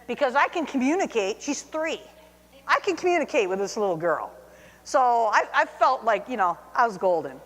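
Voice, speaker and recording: A middle-aged woman telling a personal anecdote, lively and self-mocking, acting out her own reactions. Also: a little high, a little slow. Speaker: storyteller. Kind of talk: personal anecdote told to camera. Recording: long hall reverb.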